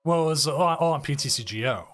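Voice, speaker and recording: A man's voice: a little high, quick pace. A man co-hosting a card tournament stream, chatting casually and repeating words as he goes. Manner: relaxed, hesitant, repeats words. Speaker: stream co-host running the tournament. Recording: faint music behind. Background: faint music.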